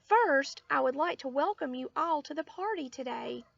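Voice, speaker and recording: A woman's voice: high voice, animated, moderate pace, vocal fry, dry recording, recorded from a distance. A woman voicing a stiff, formal dad welcoming children to a party in a storybook reading. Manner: stiff and announcing. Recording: dull lo-fi audio.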